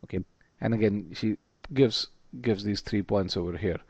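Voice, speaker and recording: A man's voice: fairly low pitch, normal speed, vocal fry, a little mellow, no echo. A man teaching test preparation in a webinar, emphatic and repeating words as he thinks aloud. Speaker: test prep instructor. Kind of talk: webinar lecture.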